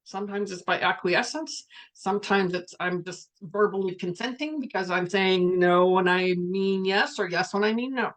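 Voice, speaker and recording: A woman's voice: medium pitch, moderate pace, hardly any pauses. A woman speaking as a spiritual coach in a casual livestream, talking frankly and chattily and reading viewer comments aloud.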